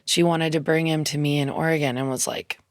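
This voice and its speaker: A woman's voice: sits low, steady tone, a little fast, no room sound. A woman musician, a guest in a radio studio, telling a heartfelt story in a chatty, loose way full of ums and quoted asides. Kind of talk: casual interview storytelling.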